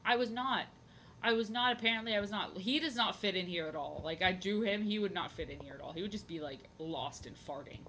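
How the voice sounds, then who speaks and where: A woman's voice: lowish voice, quick pace, sharp tone, slight background noise. A young woman chatting casually on her drawing stream, rambling, goofy and repeating herself. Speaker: art streamer.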